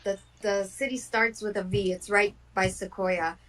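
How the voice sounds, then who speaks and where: A woman chatting casually, easygoing and quick to laugh. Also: medium pitch, fairly even intonation, fairly bright tone, recorded from a distance, poor audio. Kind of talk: casual chat.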